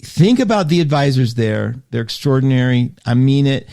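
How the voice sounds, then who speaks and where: A male radio host talking to listeners in a chatty, animated way, often breaking off mid-sentence and reading listener comments aloud. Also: medium pitch, moderate pace, creaky. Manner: chatty, animated, self-interrupting. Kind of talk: live radio show monologue.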